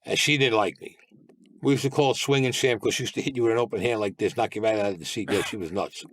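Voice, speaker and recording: A man's voice: lowish voice, fast talker, fairly bright tone, no echo. An older man, a guest telling blunt, streetwise stories full of profanity. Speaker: interview guest. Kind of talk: casual storytelling.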